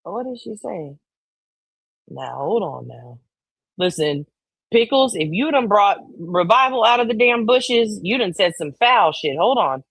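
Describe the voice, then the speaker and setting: A woman's voice: mid-range voice, expressive, measured pace, vocal fry, fairly bright tone, slightly rough, dry recording. Dry-sounding woman gossiping on stream. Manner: profane, conspiratorial, reads chat aloud; acts out quoted voices. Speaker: livestream host. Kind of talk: casual gossip commentary.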